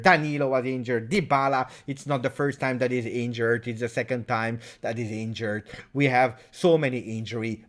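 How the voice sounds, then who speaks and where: A young man vents on his football reaction channel, angry and emphatic, driving home each point by repeating it. His voice sits at an ordinary middle pitch for a man. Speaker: football fan channel host. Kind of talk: live post-match reaction rant.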